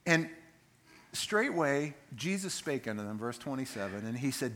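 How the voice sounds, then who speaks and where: A male preacher tells a Bible story with plenty of animation. His voice is bright and forceful, and it swings widely in pitch as he acts out each scene. His delivery is conversational and dramatic. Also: big pitch swings, moderate pace. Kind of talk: sermon.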